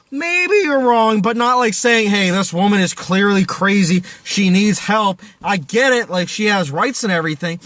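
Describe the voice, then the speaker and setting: A man's voice: very high-pitched, pushed and bright, no echo. A man reviewing a film in a casual video, ranting in exasperation, losing his voice and talking straight to his viewers. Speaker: movie reviewer.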